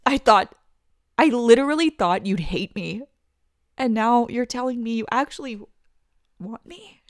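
A woman's voice: on the high side, moderate pace, darkish tone, no room sound, studio quality, close to an everyday voice. A young woman voicing a pregnant best friend who confesses her love in an audio role-play, talking emotionally with stammers and laughing through tears. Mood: stunned.

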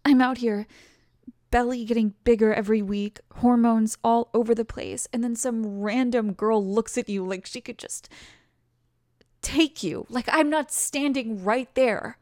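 A woman's voice: fairly high pitch, unhurried, no room sound, clean studio sound. A woman playing a pregnant girlfriend, a former bully, tough on the outside and insecure underneath, in an audio role-play spoken straight to the listener. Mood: upset. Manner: emotional, defensive then tender, soft confessional asides.

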